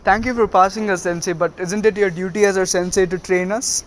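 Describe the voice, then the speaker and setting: A man's voice: high voice, fairly even intonation, brisk, slight background noise, lightly acted. A man voicing a cocky, teasing teenage boy ninja in a fan retelling. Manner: smug, playful teasing.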